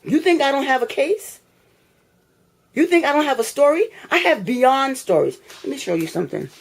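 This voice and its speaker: A woman's voice: high voice, sing-song, normal speed. A woman ranting to a phone camera in her apartment, angry, repetitive and swearing. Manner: fed up, repetitive, confrontational, swearing. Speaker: tenant filming a complaint video. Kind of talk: angry direct-to-camera rant. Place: apartment, indoors.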